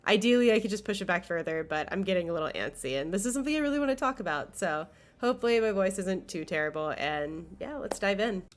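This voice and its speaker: A woman's voice: medium pitch, lively intonation, fast talker. A young woman hosting a video essay, talking in an earnest, enthusiastic way while sick, with a nasal, congested voice. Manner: earnest, enthusiastic, with occasional fillers. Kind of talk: scripted video essay commentary.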